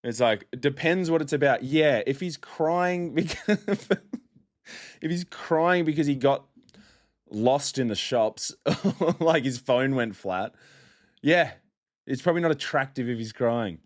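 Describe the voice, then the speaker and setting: A man's voice: medium pitch, lively intonation, measured pace. A young man hosting a podcast alone, chatty and mocking, often laughing as he talks. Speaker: podcast host. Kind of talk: casual solo podcast monologue.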